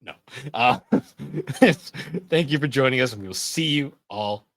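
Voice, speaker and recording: A man's voice: medium pitch, expressive, unhurried, gravelly, fairly bright tone, dry recording. A man hosting a podcast in casual chat, dry and teasing as he wraps up the episode. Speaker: podcast host.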